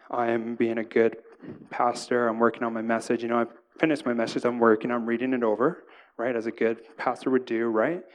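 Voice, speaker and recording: Man preaching a casual sermon. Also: medium pitch. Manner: casual, conversational preaching with frequent "right?" asides. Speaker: pastor.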